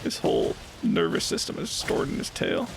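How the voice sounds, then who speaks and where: A man's voice: normal speed, noisy background. A man streaming a game live, chatting casually and playfully while he plays, often laughing and teasing what happens on screen. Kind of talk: casual live gameplay commentary.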